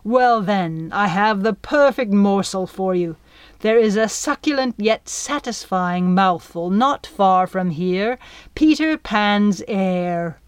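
A woman's voice: medium pitch, expressive, takes it slowly, few pauses, no room sound. A woman voicing a bellowing pirate captain. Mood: scheming. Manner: bellowing, forceful. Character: blustering male pirate captain, proud and commanding.

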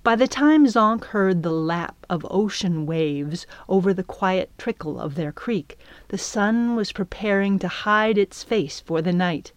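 A woman narrating a children's adventure audiobook in a measured, even storytelling manner. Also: mid-range voice, no echo. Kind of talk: scripted narration.

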